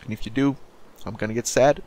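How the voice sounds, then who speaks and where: A man's voice: mid-range voice, fairly even intonation, quick pace, a little mellow. Cursing, self-scolding gamer man. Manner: profane, self-critical, rambling. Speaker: gaming commentator. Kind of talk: casual let's play commentary.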